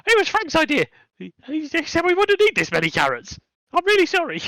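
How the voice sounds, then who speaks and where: A man's voice: extremely high pitch, wildly swooping pitch, a little fast, pushed and bright, no echo, pitched above the performer's own voice, full character voice. A man voicing a small, terrified male kobold thief who stammers and apologizes nonstop. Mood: panicked.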